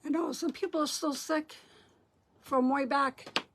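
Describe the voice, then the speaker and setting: A woman's voice: sits high, fairly even intonation, measured pace, background noise. A middle-aged woman hosting a craft livestream, chatting casually with viewers and greeting them by name. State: out of breath. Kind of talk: casual live chat with viewers.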